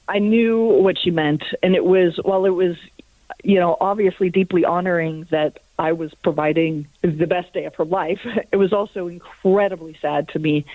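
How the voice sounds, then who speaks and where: A woman's voice: low-pitched, no echo. A woman calling in to a radio show, telling an earnest personal story with many fillers. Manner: earnest, with frequent fillers and soft laughs. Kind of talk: personal testimony. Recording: tinny phone line.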